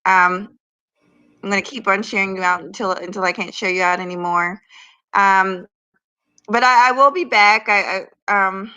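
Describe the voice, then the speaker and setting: A woman's voice: mid-range voice, moderate pace, pauses often, sharp tone, clean tone, lo-fi sound. A woman chatting casually as a guest from her bed, drowsy from medication and hesitant, stammering as she talks. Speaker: guest on a live stream. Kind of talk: casual chat. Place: in bed at home.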